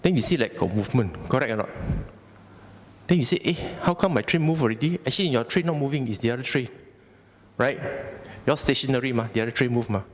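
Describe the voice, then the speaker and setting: A Malaysian man speaking Malaysian English gives a conversational Buddhist Dhamma talk in a temple hall, often asking the audience questions. He talks fast in a medium-pitched voice, with long hall reverb and a little hiss or hum.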